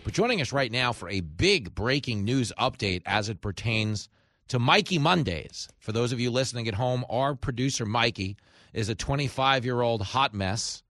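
Bright-voiced New radio host. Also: male voice, medium pitch, normal speed, no room sound. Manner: animated storyteller, acts out shouting characters. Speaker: radio talk show host. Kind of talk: radio talk show monologue. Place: radio studio.

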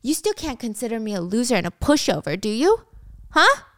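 A woman's voice: on the high side, sing-song, fairly quick, fairly bright tone, dry recording, studio quality. Woman doing a volatile teenage boy. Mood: accusing. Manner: accusing and menacing. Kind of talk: dramatic drama recap quotes.

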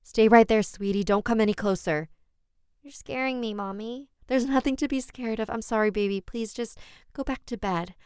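A woman's voice: a little high, normal speed, smooth, no room sound, studio quality, pitched above the performer's own voice, close to an everyday voice. A woman voicing a frightened young mother, anxious and pleading, in a horror story.

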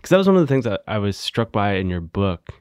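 A man's voice: on the low side, sing-song, fast, darkish tone, clear, resonant tone, no echo, studio quality. A man asking casual, thoughtful interview questions, with lots of "like". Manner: casual, filler "like", laughs easily. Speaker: podcast interviewer.

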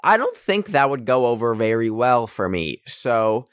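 Animated young man telling a story. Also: medium pitch, unhurried, clean tone, no room sound, studio quality. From Canada. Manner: animated, heavy use of "like", acts out quotes in raised voices. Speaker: podcast host. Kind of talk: casual storytelling.

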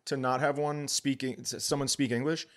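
Animated storytelling man, swearing. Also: mid-range voice, normal speed. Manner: animated, swearing, voices others in quotes. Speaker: podcast co-host, comedian. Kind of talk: casual storytelling chat.

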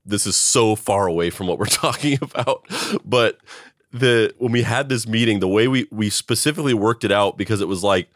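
A man's voice: on the low side, moderate pace, a bit bright, no echo, studio quality. A man co-hosting a podcast in rambling, profane casual chat. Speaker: podcast co-host.

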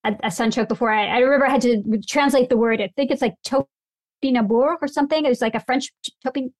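A woman, a food writer, chatting casually as a podcast guest, emphatic and opinionated with quick asides. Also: high-pitched, no echo.

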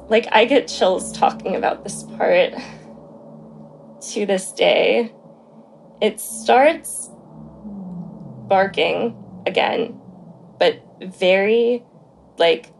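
A woman's voice: medium pitch, extremely slow, vocal fry, long pauses. Chatty young woman telling a story. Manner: chatty, many fillers and "like". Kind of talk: casual storytelling. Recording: faint background noise.

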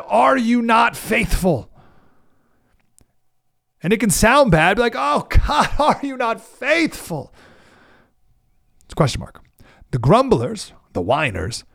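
A man's voice: mid-range voice, gravelly, no room sound, studio quality. A middle-aged man hosting a devotional podcast, talking in an earnest, emphatic way and repeating words to stress a point. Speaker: podcast host. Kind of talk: devotional talk.

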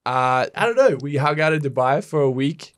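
A man's voice: on the high side, animated, normal speed, no echo, clean studio sound. A young man chatting casually as a podcast guest, laid-back and swearing freely. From Australia. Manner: laid-back, swears casually, uses quirky pet names. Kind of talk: casual chat.

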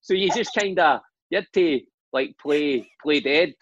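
A husky-voiced Scottish man in his forties spins lively, laughing football stories. His voice sounds dry and close, with a slightly dull, lo-fi tone. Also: on the high side, measured pace, no room sound. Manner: animated anecdotes, laughing and swearing. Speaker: guest, former footballer and manager. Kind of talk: casual storytelling chat.

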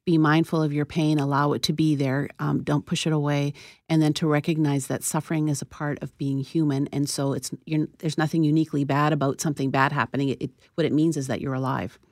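Give me a woman, a therapist guest on a radio talk show, explaining in a calm, measured way. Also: deep voice, dry recording, clean studio sound.

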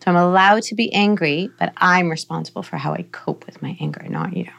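Calm woman giving parenting advice. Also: lowish voice, fairly quick, creaky, lo-fi sound. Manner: calm, explanatory, acts out gentle phrases to a child. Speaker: psychologist guest.

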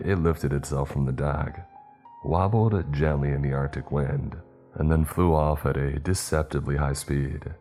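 A man narrating a scripted horror story in the first person, in a steady, even storytelling way. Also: rumbling low.

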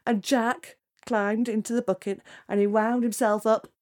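A woman storyteller spinning a fairy tale for children. She is lively and dramatic, speeding through the action and slowing to a hush for the tense parts. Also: a little high. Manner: lively, dramatic, drops to hushed tones for suspense.

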